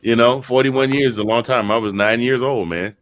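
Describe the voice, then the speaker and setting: A man in his fifties, a guest short on sleep, telling an excited sports story with many restarts. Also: mid-range voice, brisk, no room sound. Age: 50s. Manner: animated storyteller, stumbling restarts.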